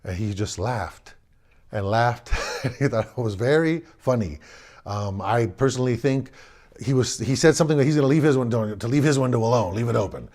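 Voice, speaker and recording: A man's voice: medium pitch, animated, fairly quick, darkish tone. A man in his forties from the Los Angeles area, telling a personal story in a wry, rambling way, repeating and restarting his words.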